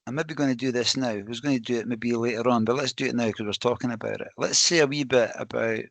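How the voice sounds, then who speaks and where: A man's voice: mid-range voice, quick pace, vocal fry, a bit bright, dry recording. A middle-aged man hosting a podcast, encouraging his guest and thinking aloud as he asks questions. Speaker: podcast host. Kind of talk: casual interview chat.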